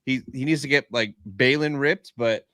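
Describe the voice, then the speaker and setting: A man's voice: medium pitch, moderate pace, sharp tone, no echo, studio quality. A man co-hosting a casual live discussion, enthusiastic and upbeat. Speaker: co-host.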